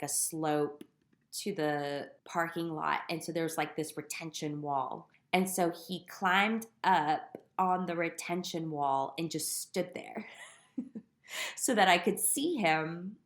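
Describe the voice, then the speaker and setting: A woman's voice: lowish voice, roomy sound. A young woman candidly telling her personal story on a podcast, with self-deprecating humor. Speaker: guest sharing her story.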